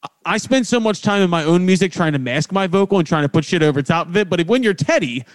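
Anfitrião animado de voz aguda. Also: male voice, high-pitched, animated, quick pace, dry recording, clean studio sound. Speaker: podcast host. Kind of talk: casual podcast interview.

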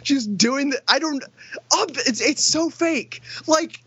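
A man's voice: extremely high pitch, slow pace, pushed and bright, dry recording. A young man co-hosting a podcast, telling rambling stories with lots of swearing and laughter, on a dull lo-fi recording. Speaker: podcast co-host. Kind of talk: casual chat.

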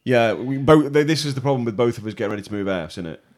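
A man's voice: medium pitch, expressive, fast talker. A man, co-hosting a podcast in casual, joking banter. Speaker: podcast co-host.

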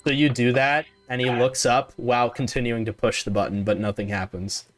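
A man's voice: medium pitch, fairly even intonation, brisk. A man narrating as game master of a tabletop game in a casual, matter-of-fact way.

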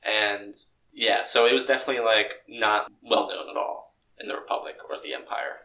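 A young man chatting casually about a film, excitable and full of fillers, laughing often. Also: on the low side, normal speed, echoey room, distant mic, poor audio.

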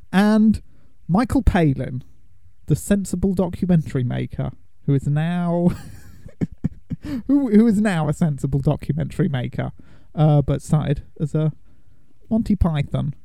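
A man's voice: a little high, gravelly, dark tone, dry recording. A young man hosting a movie podcast, chatting casually and laughing often as he explains things. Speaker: podcast host. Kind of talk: casual chat.

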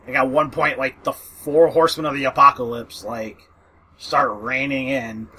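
A man's voice: mid-range voice, fairly even intonation, normal speed, bright, forceful tone, breathy edge, low-quality recording. A man chatting casually about fantasy audiobooks, rambling with fillers, swearing and laughing often. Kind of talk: casual book recommendation chat.

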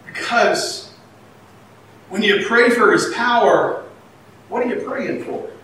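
Man preaching, high voice, impassioned, loud bursts then hushed, booming echo, heard from a distance. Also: takes it slowly, a little hiss or hum. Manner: impassioned, swinging between shouted emphasis and hushed confession. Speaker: pastor. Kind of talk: sermon. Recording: echoey hall from far off.

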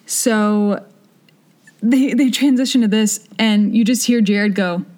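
A woman co-hosting a podcast, chatting casually and acting out characters' lines in quick voices as she retells a story. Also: mid-range voice, darkish tone. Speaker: podcast co-host. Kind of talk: casual chat retelling a musical.

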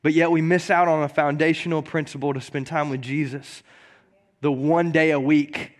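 Male pastor, slightly high voice, chatty joking sermon with stumbles and repeats. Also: level tone. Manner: conversational and joking, repeats words; reads scripture slowly and deliberately.

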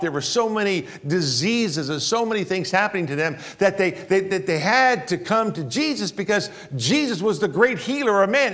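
A male pastor preaching a sermon, repeating key phrases and swinging between loud emphasis and low, slow drops.

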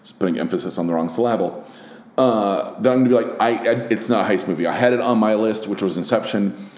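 Rambling, swearing podcast host with a low voice. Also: male voice, fast, reverberant. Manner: rambling, profane and animated, many fillers. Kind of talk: casual solo podcast monologue.

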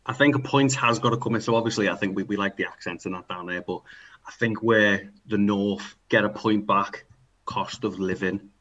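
A man's voice: fairly low pitch, moderate pace, a bit bright, muffled recording. A man from the north of England, co-hosting a podcast in casual, rambling banter with plenty of swearing. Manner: rambling, sweary, laughs often. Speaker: podcast co-host.

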